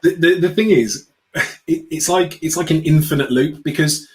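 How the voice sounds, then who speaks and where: A British man, an outspoken guest speaker, chatting casually in an interview with sarcastic, animated asides. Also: a little high, moderate pace, low-quality recording. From United Kingdom. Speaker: guest, customer experience speaker.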